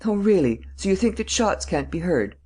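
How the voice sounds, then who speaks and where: A woman voicing a sharp-tongued, commanding gentleman thief. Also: mid-range voice, big pitch swings, slightly rough, voice pushed up. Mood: brisk scolding. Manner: brisk, scolding, peremptory.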